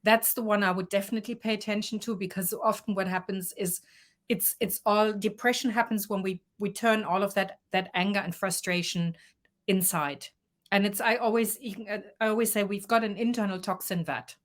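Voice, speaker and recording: A woman's voice: mid-range voice, moderate pace. Woman coach giving advice. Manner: explanatory, advising. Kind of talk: interview answers.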